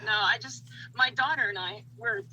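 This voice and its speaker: A woman's voice: medium pitch, moderate pace, dull audio, slight background noise. A woman guest in a casual video-call chat, a playful storyteller. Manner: playful storyteller, bright and lively.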